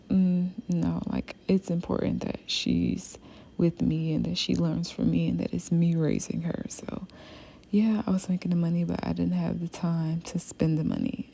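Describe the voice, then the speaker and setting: Young woman, low-pitched and slow, casual rambling storyteller with many fillers. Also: gravelly, dark tone, slight background noise. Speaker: hairstylist telling a story.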